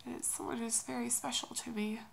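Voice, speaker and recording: A young woman talks through her worries in a tearful, halting vlog. Her voice is strongly gravelly and sits a bit high, and she keeps her delivery soft and hesitant. A faint hiss runs under the recording. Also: level tone. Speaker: vlogger. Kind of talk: emotional personal vlog.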